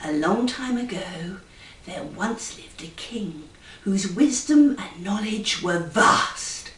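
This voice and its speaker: A woman's voice: mid-range voice, lively intonation, slow pace, a bit bright. A woman comedy poet and ventriloquist reciting a rhyming fairy tale in a playful, sing-song way. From England. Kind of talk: storytelling verse recitation. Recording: roomy, distant mic.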